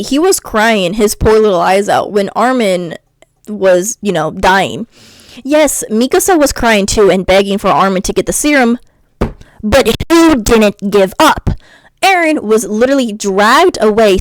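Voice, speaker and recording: A woman's voice: medium pitch, no room sound. Ranting young woman vlogger. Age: young adult. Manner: animated, swearing, chatty ranting. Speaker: YouTuber. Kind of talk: casual ranting vlog.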